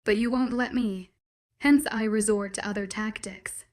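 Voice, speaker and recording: A woman's voice: mid-range voice, steady tone, moderate pace, a little mellow, lightly acted. A woman reading the lines of a possessive young male werewolf, pleading with intense declarations. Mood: desperate, possessive.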